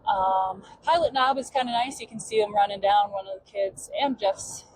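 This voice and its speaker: A woman's voice: mid-range voice, normal speed, a little mellow, poor audio. A woman hosting a podcast who tells a story in a loose, chatty way with many "um" fillers. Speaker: podcast host. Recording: clear background noise.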